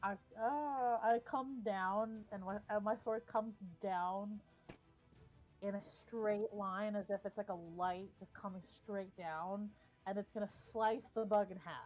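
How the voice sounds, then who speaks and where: A woman playing a tabletop game, speaking in a hesitant, relaxed way. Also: medium pitch, unhurried, faint music behind, low-quality recording. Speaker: player.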